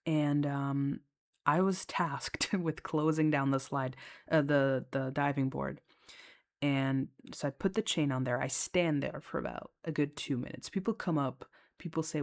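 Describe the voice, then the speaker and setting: A woman's voice: deep voice, a little slow, darkish tone. A woman who works as a lifeguard, chatting casually and candidly about her job, swearing freely and filling her talk with fillers. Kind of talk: casual storytelling chat.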